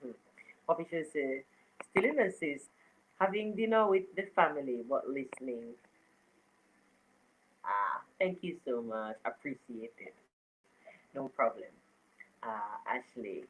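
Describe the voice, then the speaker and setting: A woman's voice: extremely low pitch, a little slow, long pauses, slight background noise, rough recording. A woman hosting a casual live stream, reading viewer comments aloud, greeting people by name and laughing often. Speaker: livestream host.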